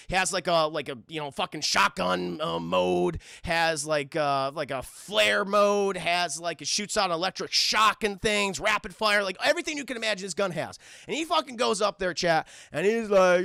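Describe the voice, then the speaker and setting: A man streaming a casual, profane, animated film recap, constantly calling out to his chat. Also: high voice, moderate pace, gravelly, few pauses, dry recording, clean studio sound.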